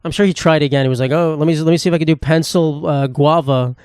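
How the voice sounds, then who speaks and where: A young man hosting a casual solo podcast, rambling and joking with lots of profanity and quick asides. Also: a little high, fairly even intonation, a little mellow, clean tone, no echo, clean studio sound. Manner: rambling, profane, jokey, fast-talking. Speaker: podcast host.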